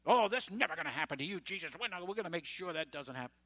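A man's voice: sits high, expressive, very fast, creaky, fairly bright tone, dry recording, voice pushed up, heavily acted. A man voicing an impulsive adult male disciple who blurts things out eagerly, in a raised voice.

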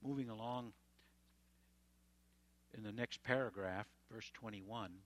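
A man's voice: on the low side, slow pace, a bit bright. A man preaching a sermon, retelling scripture in a conversational, folksy way with chatty asides. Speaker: pastor.

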